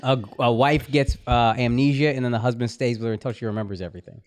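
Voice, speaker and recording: A man co-hosting a comedy podcast, teasing the others in quick casual banter. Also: mid-range voice, fairly even intonation. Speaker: podcast co-host.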